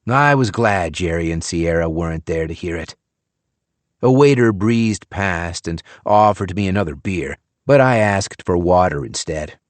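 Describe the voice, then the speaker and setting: A man narrating an audiobook thriller in a measured, wry tone. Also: low voice, expressive, dry recording. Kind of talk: scripted narration.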